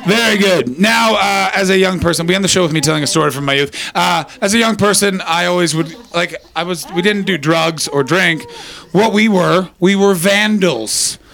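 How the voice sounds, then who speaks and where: A man's voice: sits high, moderate pace, creaky. A man from Canada doing profane, teasing crowd work as a stand-up comedian on a club stage. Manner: crude, teasing, profane banter.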